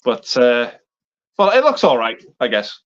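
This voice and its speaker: A man chatting on a movie livestream, hesitant and given to crude jokes. His voice sits at a middling pitch. The sound is muffled, lo-fi stream audio. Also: huge pitch swings, measured pace. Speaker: regular panelist on a movie livestream. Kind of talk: casual chat on a live stream.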